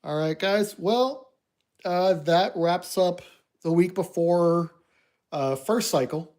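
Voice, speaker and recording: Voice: mid-range voice, slow pace, darkish tone. A streamer reading a choose-your-path horror book aloud for viewers, then chatting to wrap up the stream.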